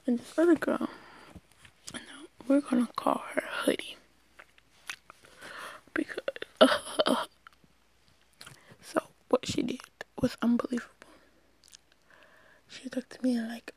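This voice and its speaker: A woman's voice: a little high, a little slow, pauses often, darkish tone, breathy edge, low-quality recording. A teenage girl whispering a rambling personal story to her listeners, chatty and full of restarts.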